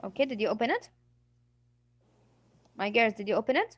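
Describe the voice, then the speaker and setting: A woman's voice: a little high, very animated, normal speed, no echo, dull audio. Female English teacher, patient and explanatory, dry close recording. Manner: patient explaining, acts out examples. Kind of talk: classroom vocabulary lesson.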